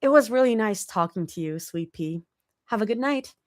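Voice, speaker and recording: A woman's voice: mid-range voice, lively intonation, normal speed, no room sound, clean studio sound, voice pushed up, close to an everyday voice. Woman doing a sweet, tired young woman. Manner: sweet, a bit shy.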